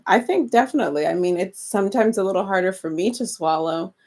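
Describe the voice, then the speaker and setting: A woman co-hosting a casual chat about remodeling investment properties, agreeable and quick to laugh. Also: mid-range voice, expressive, a little mellow. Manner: encouraging, agreeable, laughs often. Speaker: co-host.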